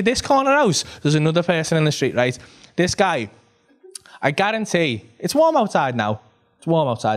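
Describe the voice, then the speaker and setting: A male comedian with a Liverpool accent tells a story from a club stage into a handheld mic. He talks in a fairly high voice that leaps up and down as he swears and plays the people in the tale. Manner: animated, swearing, acts out the people in his story. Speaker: stand-up comedian. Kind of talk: stand-up storytelling.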